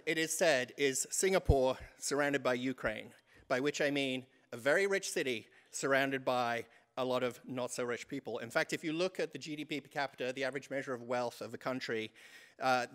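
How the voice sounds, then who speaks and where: A man's voice: medium pitch, a bit bright. English man telling self-deprecating church stories. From England. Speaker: church vestry member. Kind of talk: humorous stewardship talk to a congregation.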